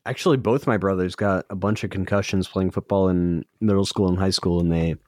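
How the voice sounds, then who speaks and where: A man's voice: deep voice, fairly even intonation, brisk, darkish tone, dry recording. A young man co-hosting a podcast, chatting easily with dry, teasing remarks. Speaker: podcast co-host. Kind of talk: casual chat.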